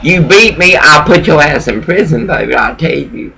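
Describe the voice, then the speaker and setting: A man's voice: fairly high pitch, expressive, normal speed, vocal fry, sharp tone, slight background noise, low-quality recording. A man who is a pastor, giving a rambling, profane preaching rant as he lectures someone directly.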